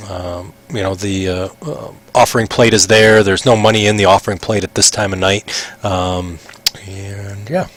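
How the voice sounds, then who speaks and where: A man narrating a tabletop game as game master, halting and full of fillers. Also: lowish voice, a bit bright.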